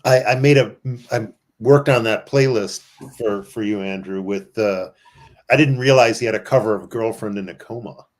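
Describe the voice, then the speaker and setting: A man co-hosting a podcast, talking in a relaxed, conversational way in casual chat. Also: lowish voice, normal speed. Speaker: podcast co-host.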